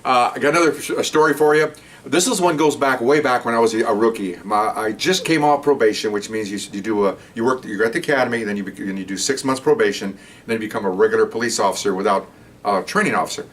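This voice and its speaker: Brief: older man, retired cop, low voice, rambling halting storyteller, mic set back a little. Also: distant mic. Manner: rambling, halting, with many restarts and fillers. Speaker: retired police officer telling stories. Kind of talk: casual storytelling to camera.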